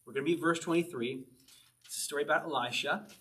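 A man preaches in a relaxed, conversational way, working through scripture verse by verse. His voice sits fairly high for a man, and he slows deliberately when he reads a passage aloud. He chuckles now and then as he explains. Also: far from the mic. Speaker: pastor. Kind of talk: sermon, verse-by-verse Bible teaching.

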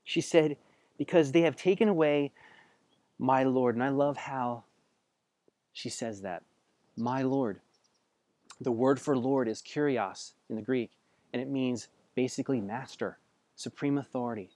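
A man preaching a sermon in a conversational way, asking his listeners direct questions and swinging between hushed passages and loud, emphatic bursts. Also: mid-range voice, normal speed, no room sound. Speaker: pastor.

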